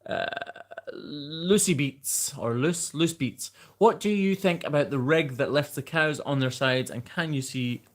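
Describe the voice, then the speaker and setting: A man's voice: on the high side, measured pace. A man with a mild Scottish accent hosting a live question-and-answer stream, reading viewer questions and answering them off the cuff in a chatty way. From Scotland. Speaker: host.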